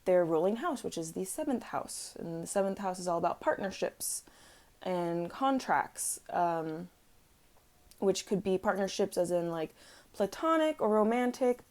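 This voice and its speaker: A woman's voice: medium pitch, lively intonation, a little slow, darkish tone. A woman reading tarot in a chatty, rambling way, full of fillers and self-corrections, at home with her dog on her lap. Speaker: tarot reader. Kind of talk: casual chat.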